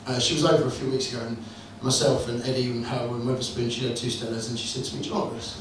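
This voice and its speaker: In a comedy club, a man rattles off crude, profane jokes at rapid-fire speed, telling them with a wry storyteller's touch. His voice is mid-range and fairly flat in pitch. The indoor room is echoey, and the distant mic picks up plenty of noise.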